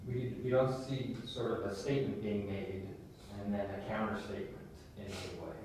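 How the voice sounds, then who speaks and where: A man speaking in a measured, hesitant way during a casual group discussion. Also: a little mellow. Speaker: seminar participant. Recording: very echoey room, distant mic, faint rumble.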